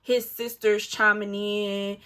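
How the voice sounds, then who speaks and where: A woman vlogger telling a personal story to camera in an animated, emphatic, candid way, often talking straight to her listeners. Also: medium pitch, takes it slowly. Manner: candid and profane, talks back to her rival.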